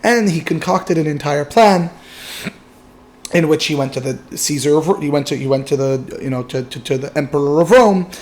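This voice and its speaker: A man's voice: fairly high pitch, moderate pace, a little mellow, slight background noise. A man teaching by retelling a Talmudic story in a casual way, with frequent fillers and restarts. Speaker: Torah teacher.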